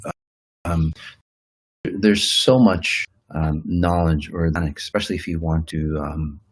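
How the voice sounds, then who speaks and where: A man's voice: very deep voice, fairly even intonation, slow, breathy edge, low-quality recording. A man giving a rambling motivational talk as a self-help teacher, with many fillers and restarts, acting out quoted inner voices. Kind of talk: motivational talk to an online audience.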